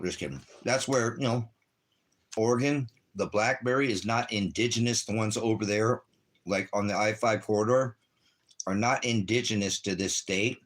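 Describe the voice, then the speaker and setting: A man, talking casually and rambling to his viewers on a livestream. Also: on the low side. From Los Angeles, United States. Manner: rambling, chatty, talks straight to viewers. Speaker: ministry livestreamer.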